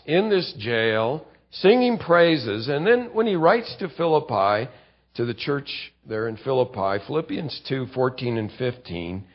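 A man preaching a sermon with lively, animated storytelling, reading passages aloud. His voice sits in a middle register. The recording sounds slightly dull and muffled. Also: medium pitch.

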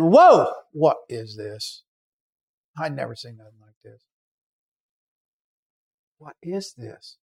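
A man preaching to a congregation, his voice sitting a little higher than most men's. He tells stories with energy, acting out the voices of the people in them and breaking into shouts at the high points. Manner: animated, acts out quoted voices and shouts. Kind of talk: sermon storytelling.

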